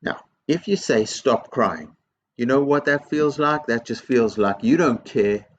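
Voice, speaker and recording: A man's voice: medium pitch, moderate pace, highs cut off. A man speaking as a headteacher in a school video assembly, earnest and encouraging, repeating his key phrases.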